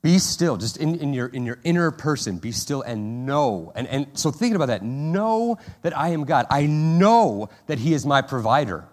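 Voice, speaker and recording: A man's voice: normal speed, few pauses. A man preaching a sermon to his congregation in a conversational way, often asking "right?" and restarting his sentences, and acting out prayers and quotes with more energy. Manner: animated, acts out prayers and quotes in a higher, louder voice. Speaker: pastor.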